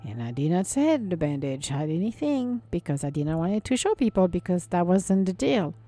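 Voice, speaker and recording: A woman's voice: fairly low pitch, big pitch swings, moderate pace, warm tone, no echo. Blunt woman giving a tough-love pep talk. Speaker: podcast host. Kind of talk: solo self-help talk.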